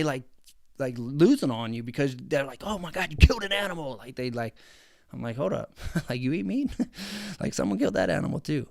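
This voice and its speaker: A man's voice: on the high side, no room sound, clean studio sound. A man hosting a casual livestream, rambling enthusiastically with lots of fillers. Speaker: livestream host answering viewer questions.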